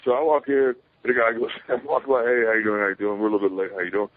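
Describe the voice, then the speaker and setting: A man's voice: on the low side, level tone, very fast. A man telling rambling stories as an interview guest, swearing casually and acting out voices he quotes. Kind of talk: rambling storytelling. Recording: tinny phone line.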